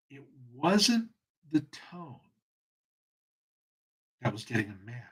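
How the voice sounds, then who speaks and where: Man, host, husky voice, earnest, passionate, reflective solo talk. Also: medium pitch, big pitch swings, a bit bright, low-quality recording. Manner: earnest, passionate, pauses and restarts.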